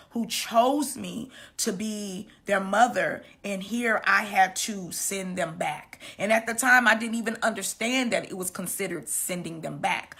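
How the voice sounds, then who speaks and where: A woman in her fifties giving a personal testimony, emotional and halting, her voice often dropping soft and low. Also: breathy edge. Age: 50s. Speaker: women's healing teacher sharing her story.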